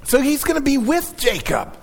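A man preaching a sermon to his church, reading scripture aloud in a dramatic, animated way. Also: very high-pitched, normal speed, gravelly, in a large hall. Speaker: pastor.

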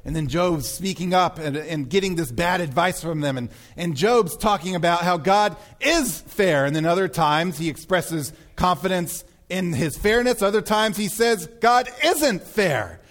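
A man's voice: high-pitched, moderate pace, few pauses, a bit bright. A man preaching a sermon as pastor, telling stories animatedly and acting out film scenes.

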